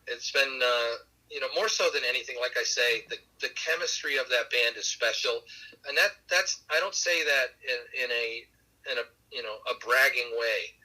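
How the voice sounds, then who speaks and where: A musician being interviewed on a podcast, telling relaxed stories with many fillers and light laughs. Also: male voice, mid-range voice, normal speed, low-quality recording. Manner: warm anecdotal, laughs along, many fillers. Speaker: musician guest.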